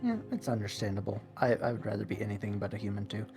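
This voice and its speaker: A man's voice: lowish voice, fairly even intonation, quick pace, music in the background. Rambling man chatting while gaming. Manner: rambling, chuckling, many restarts. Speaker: streamer playing a city-builder game. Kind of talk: casual group chat while gaming.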